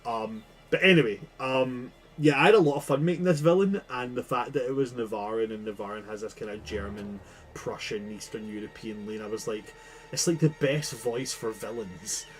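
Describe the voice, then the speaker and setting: A man's voice: mid-range voice, normal speed, faint music behind, low-quality recording. A man running a tabletop game, chatting casually after the session, swearing freely and laughing often. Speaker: game master. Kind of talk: casual post-session chat.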